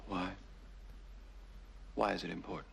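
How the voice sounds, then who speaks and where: An actor playing a mysterious, secretive young man who speaks quietly and evasively in a 1970s TV drama. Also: low-pitched, flat delivery, a little slow, gravelly, a little hiss or hum, heavily acted. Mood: guarded.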